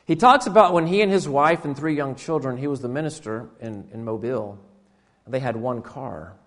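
Speaking at normal speed with a medium pitch, a pastor gives a sermon in church, often starting over and repeating words. He moves back and forth between loud, animated sections and soft, nearly silent lines.

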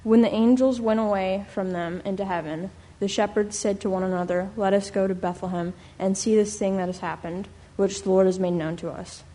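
A woman reading a Bible passage aloud in a measured, solemn way. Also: mid-range voice, steady tone, mellow. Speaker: scripture reader. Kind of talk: scripture reading.

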